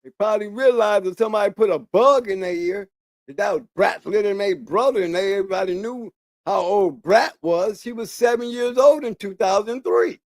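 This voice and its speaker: This casual monologue comes from a channel host with a strikingly high voice speaking at a moderate pace. He rambles, emphasizing things through repeated words and restarted sentences, in a dry, close recording with no room echo.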